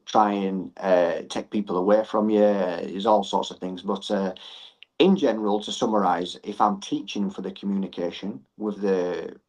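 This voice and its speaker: A man's voice: sits low, fairly even intonation, normal speed, a little mellow, rough recording. A middle-aged man, a gym owner and coach talking earnestly as a podcast guest and repeating phrases for emphasis.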